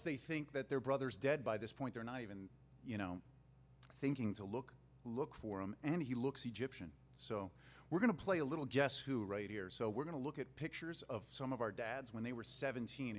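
A man's voice: medium pitch, fairly quick. A man preaching a sermon in a casual, joking way, retelling a Bible story. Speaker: pastor.

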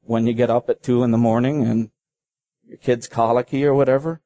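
A man preaching a sermon in an earnest, halting way, slowing down to read quoted passages. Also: medium pitch, steady tone, dark tone, dry recording. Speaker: pastor.

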